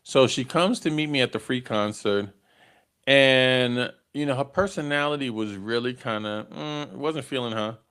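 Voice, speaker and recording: A middle-aged man hosts a live dating podcast. He tells stories in a loose, conversational way and keeps checking in with "right?". His voice sits at an ordinary pitch for a man. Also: moderate pace, a bit bright, clear, resonant tone. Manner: conversational, tags lines with "right?", chuckles at own stories. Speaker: podcast host. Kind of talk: casual storytelling on a live podcast.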